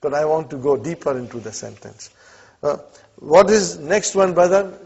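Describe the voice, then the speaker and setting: On a dull, lo-fi classroom recording, a man with a fairly high, darkish, breathy voice teaches Arabic. He's animated and speaks at normal speed, patiently encouraging students through example sentences with frequent "huh?" and "okay?"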